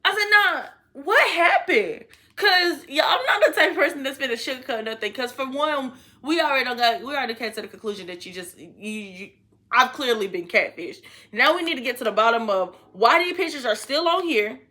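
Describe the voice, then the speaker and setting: A young woman telling a story to her viewers in an animated, slangy way. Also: on the high side, brisk. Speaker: vlogger. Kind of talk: storytime vlog.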